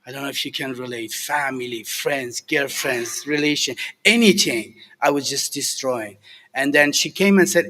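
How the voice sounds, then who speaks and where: A middle-aged man from Iran with a Persian accent, sharing his recovery story to a group, halting and earnest with many fillers and restarts. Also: medium pitch, pushed and bright. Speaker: recovery alumni speaker. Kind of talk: personal recovery share to a group. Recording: echoey hall with long reverb.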